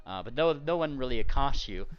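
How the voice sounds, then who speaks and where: A man narrating as game master of a tabletop game, animated and laughing often. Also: mid-range voice, brisk. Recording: dull lo-fi audio.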